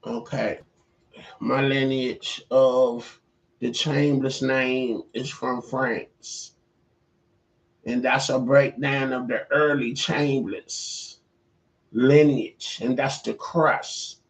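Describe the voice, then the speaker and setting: A middle-aged man spins a loose, rambling story straight to the camera. He takes his time and leans on fillers as he drifts from one thought to the next. His voice sits at an ordinary pitch. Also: little pitch movement, extremely slow. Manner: rambling, with many fillers like "you know". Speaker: vlogger.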